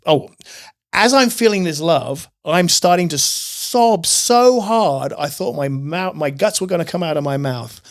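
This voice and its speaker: Emphatic storytelling man, fairly high voice. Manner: storytelling, emphatic, acts out his own past outbursts. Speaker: podcast guest. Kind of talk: testimony in casual interview.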